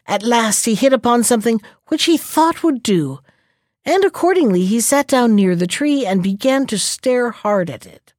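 A woman storyteller reading a folktale aloud in a gentle, expressive way. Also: fairly high pitch, moderate pace, no room sound, clean studio sound.

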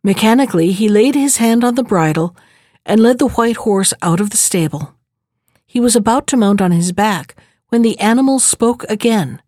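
A woman reading a fairy tale aloud in a measured, expressive storybook narration. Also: fairly high pitch, dry recording, studio quality.

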